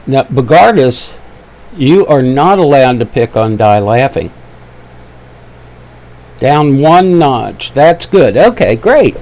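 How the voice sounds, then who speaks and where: A man's voice: mid-range voice, sing-song, slow pace, long pauses, a little mellow. A man with an Ohio accent hosting a casual live trading webinar, easygoing and joking with viewers while he sets up his microphone. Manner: easygoing, joking, fiddly with mic levels. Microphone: desk microphone he adjusts.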